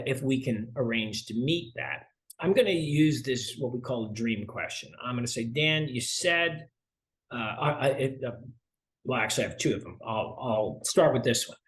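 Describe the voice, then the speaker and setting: A middle-aged man speaks as an interview guest about sales. He tells stories with energy and acts out the back-and-forth of conversations. His pitch sits in the middle range for a man. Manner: animated storyteller, acts out dialogue.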